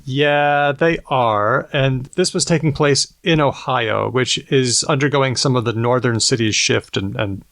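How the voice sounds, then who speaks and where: A man co-hosting a relaxed podcast, walking listeners through a study with plenty of playful asides. His voice sits at a middle pitch. The sound is dry and close, with no room around it. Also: vocal fry, no echo. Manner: explanatory, teasing, quick to laugh. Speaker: podcast co-host presenting research. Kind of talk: casual podcast chat.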